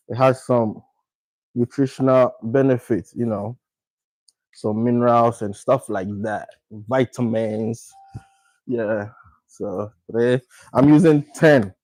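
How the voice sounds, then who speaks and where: A cooking vlogger from Ghana talks casually and unhurriedly through a home cooking video, repeating his words as he works. His medium-pitched voice has a darkish tone, and the recording is dry and rough.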